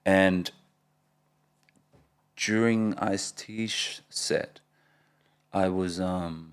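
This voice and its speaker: A man in his forties, a rapper guest in a casual interview, telling animated stories and laughing often. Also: deep voice, extremely slow, clean tone. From Australia (Perth).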